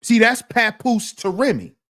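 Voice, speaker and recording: A man's voice: sits high, very animated, measured pace, pushed and bright. A man hosting a commentary channel, talking in a casual, slang-heavy, emphatic way.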